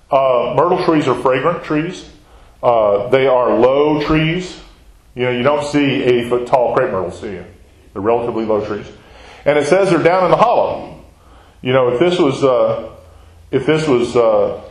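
A man's voice: medium pitch, a little mellow. A man teaching a Bible study, talking conversationally and putting questions to the class. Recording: echoey room.

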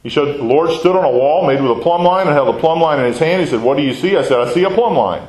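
A man's voice: a little high, expressive, quick pace, a little mellow. Man teaching a Bible class in an echoey room. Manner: conversational, quizzes the class with questions and tags "right?". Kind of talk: Bible study lesson with scripture reading.

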